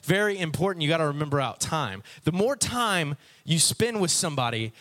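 A man preaching to a live crowd, full of jokes and asides. His voice sits a little high and swings up and down with lively expression. He talks right at the people in front of him. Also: a little fast. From Texas. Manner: animated and playful, talks straight to the crowd. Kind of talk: joking sermon to a live audience.

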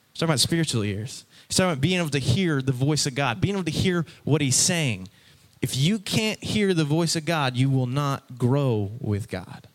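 A man with a fairly high voice preaches a casual, lively sermon from a stage to an audience. He talks conversationally and acts out how his listeners react.

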